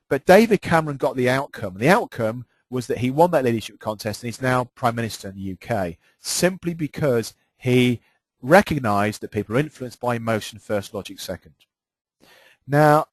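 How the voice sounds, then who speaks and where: A man's voice: mid-range voice, dry recording, low-quality recording. A man coaching professionals over a webinar, his mid-range voice pressing hard on key points and doubling words for stress. The sound is close and dry, with no room around it. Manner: emphatic and animated, repeats words for stress. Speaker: presentation trainer. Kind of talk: webinar presentation.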